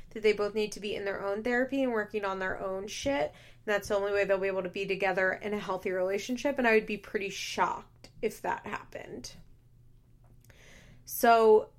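A young woman hosts a casual podcast, talking through reality TV episodes in an easygoing voice. She is animated and chatty, fills her talk with "like", and laughs often. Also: medium pitch. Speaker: podcast host.

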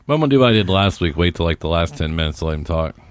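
A man's voice: sits low, animated, rapid-fire. A man with an Indiana accent co-hosting a podcast in a studio, teasing the others and laughing often. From Indianapolis area, USA. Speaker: podcast co-host. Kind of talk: casual chat.

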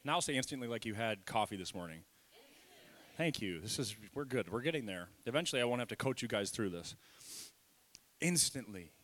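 A middle-aged man preaching a sermon in a church, lively and self-deprecating, leading the congregation in call-and-response. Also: fairly low pitch, a little fast. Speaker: pastor. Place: church sanctuary.

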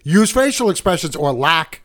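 A man's voice: a little high, very animated, normal speed, a bit bright. A man co-hosting a podcast in casual chat, rambling and correcting himself, often leaning on movie references. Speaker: podcast co-host.

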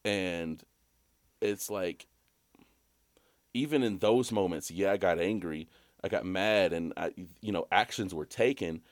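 Low-voiced man chatting on a podcast. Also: measured pace, pauses often, no echo, clean studio sound. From Alabama, US. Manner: animated storytelling, bursts of high laughter. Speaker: podcast co-host. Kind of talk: casual chat.

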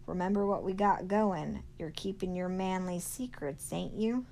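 A woman's voice: on the low side, a little slow, creaky, warm tone, slight background noise. A woman voicing a swaggering, bullying grown man who hollers in a folksy drawl. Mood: blustering.

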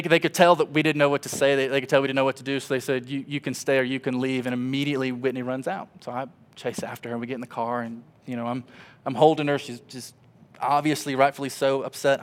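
A man in his twenties, a pastor, preaching a sermon as an emotional story, swinging from loud animated passages to hushed ones. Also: a little high.

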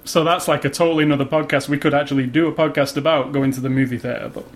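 A man's voice: on the high side, fairly even intonation, fast. A man hosting a casual movie podcast, dry and sarcastic, often restarting his sentences. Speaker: podcast host. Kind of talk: casual chat.

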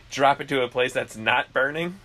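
A man co-hosting a podcast, telling animated, profane stories in casual chat. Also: medium pitch, measured pace. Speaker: podcast co-host.

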